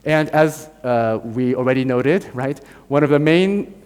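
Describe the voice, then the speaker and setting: A man's voice: mid-range voice, measured pace, darkish tone, clean tone. American man lecturing in a reverberant hall. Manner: explanatory, demonstrates sounds aloud, often adds "right?". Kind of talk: university lecture.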